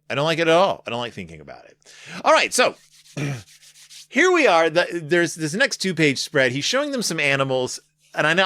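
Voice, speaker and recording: A man's voice: medium pitch, no room sound. A man in his thirties talking casually and enthusiastically about a picture book, rambling and breaking off mid-sentence. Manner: animated, rambling, self-interrupting. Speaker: book reviewer.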